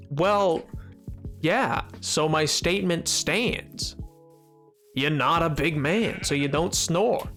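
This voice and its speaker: A man's voice: a little high, creaky, a bit bright. Joking, boastful young male streamer. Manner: joking, boastful, rambling, quick laughs. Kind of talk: casual chat while playing a game.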